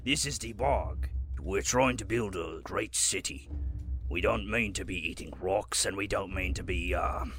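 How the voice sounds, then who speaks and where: Man doing a low-voiced orc, courteous, bumbling, earnest, faint background hum. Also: measured pace, fairly bright tone. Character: polite, earnest male orc city-builder.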